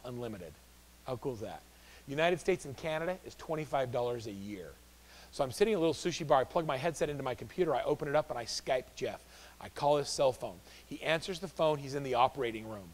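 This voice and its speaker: Animated man telling stories in a reverberant hall. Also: a little high. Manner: animated, acts out quoted voices. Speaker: real estate trainer. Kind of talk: live seminar storytelling. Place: office training room.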